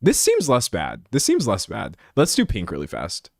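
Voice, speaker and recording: A man's voice: mid-range voice, huge pitch swings, moderate pace, creaky, darkish tone, no echo, clean studio sound. A young man chatting casually on a live stream, talking to his chat in a self-deprecating way and laughing often. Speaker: livestreamer.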